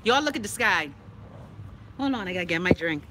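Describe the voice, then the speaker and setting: A woman's voice: fairly low pitch, lively intonation, a little fast. A Bahamian woman hosting a casual live stream, reading viewer comments in a blunt, sassy, profane way, her throat scratchy from pollen.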